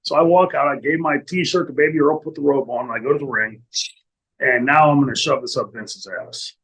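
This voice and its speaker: A middle-aged man telling a profane, animated backstage story as an interview guest, acting out other people's lines. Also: mid-range voice, fairly quick, husky, rough recording. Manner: animated, profane, acts out quotes.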